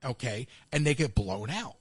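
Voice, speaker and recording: A man's voice: medium pitch, normal speed, breathy edge, no room sound. An American man hosting a call-in show, telling stories in casual chat and acting out what others said. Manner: animated storyteller acting out quotes.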